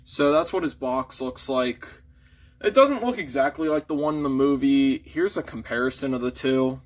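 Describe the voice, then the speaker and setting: A man's voice: medium pitch, normal speed. A man casually reviewing a toy figure in an easygoing, mild way, shrugging off small flaws. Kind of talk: casual chat.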